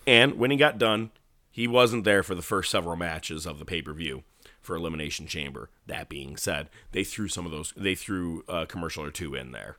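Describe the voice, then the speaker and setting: Animated, bright-voiced man telling stories. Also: low-pitched, moderate pace, no room sound, studio quality. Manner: animated storytelling, swearing, acts out movie lines. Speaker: podcast co-host. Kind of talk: casual wrestling chat.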